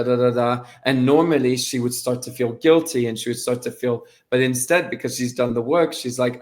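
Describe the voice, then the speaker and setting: A man's voice: medium pitch, a little mellow. A man talking as a guest coach in a casual podcast conversation. He is emphatic and blunt and speaks in bursts of questions.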